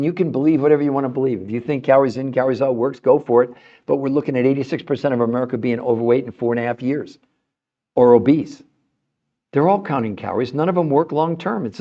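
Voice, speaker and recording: A man's voice: on the high side, darkish tone, lo-fi sound. Passionate, emphatic middle-aged man. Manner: repeats words and restarts when fired up. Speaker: health show host answering viewer comments. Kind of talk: livestream talk.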